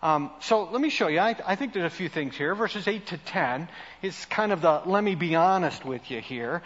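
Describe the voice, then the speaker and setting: A male pastor preaching a conversational, self-deprecating sermon in an animated way. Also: high-pitched, moderate pace, long reverb tail, highs cut off.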